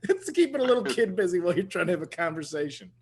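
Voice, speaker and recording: A man's voice: high voice, sing-song, very fast, husky. A man co-hosting a comedy podcast, chatting casually and telling rambling stories with frequent laughter. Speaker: podcast co-host.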